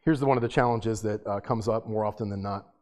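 A man's voice: fairly low pitch, fairly even intonation, fast talker, a little mellow. A man preaching a sermon as pastor, asking his congregation rhetorical questions and rising to fervent emphasis.

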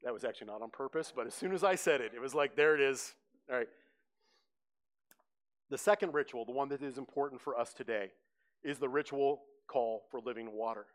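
A man preaching a sermon, telling the scene with lively storytelling and acting out the crowd's voices. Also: mid-range voice. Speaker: pastor. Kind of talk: sermon teaching.

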